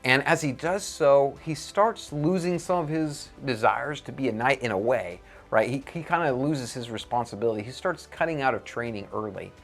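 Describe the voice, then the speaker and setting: A man's voice: medium pitch, moderate pace, few pauses, faint music behind. A man preaching, telling a moral parable in an earnest storytelling manner.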